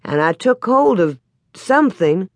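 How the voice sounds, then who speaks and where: Woman reading a patient frontier dad: low, even, matter-of-fact storybook delivery, dry close sound. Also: measured pace, no echo. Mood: calm. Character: steady pioneer father, plain-spoken and patient.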